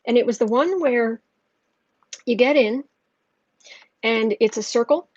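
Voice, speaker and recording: A tarot reader rambles through a casual reading, chatting and telling stories with lots of restarts. Her voice is fairly high, a little slow, slightly mellow and husky, on a dull recording with no room sound.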